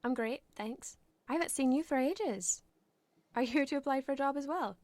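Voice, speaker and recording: A woman's voice: high-pitched, a little fast, a little mellow, no room sound, close to an everyday voice. An actress playing a polite young mother who is a little wary of her visitors.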